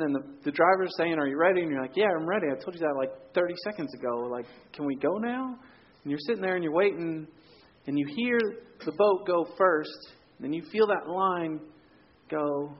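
Male pastor, relaxed storytelling sermon, fairly high voice, muted lo-fi sound. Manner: conversational storytelling, drops to quiet for emphasis.

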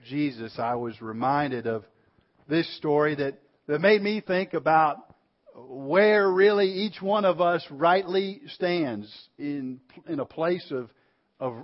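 A man preaching, telling a story in a measured way with repeated words, then leading a closing prayer. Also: a little high. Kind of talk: sermon illustration and closing prayer. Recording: dull lo-fi recording.

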